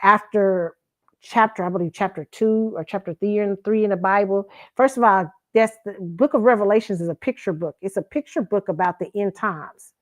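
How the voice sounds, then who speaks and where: A woman of middle pitch hosts a casual commentary stream. She rambles and corrects herself as she talks. Her voice is close to the mic and dry, with no room sound. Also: moderate pace, no room sound. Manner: rambling, self-correcting, chatty. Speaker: host.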